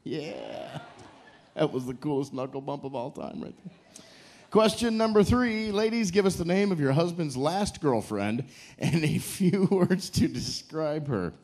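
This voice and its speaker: A man hosting a live couples game show on a cruise ship stage. His voice sits fairly high and leaps around with energy as he jokes, teases the players and calls on the audience to cheer. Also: animated, unhurried, darkish tone. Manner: joking, teasing, hypes the crowd.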